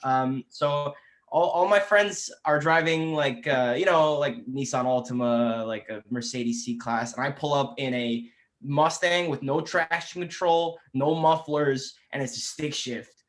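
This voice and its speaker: A man in his twenties, a guest musician chatting eagerly and at length, often restarting his sentences. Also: mid-range voice. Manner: eager, talkative, many quick restarts. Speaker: guest musician and guitar teacher. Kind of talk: casual podcast chat.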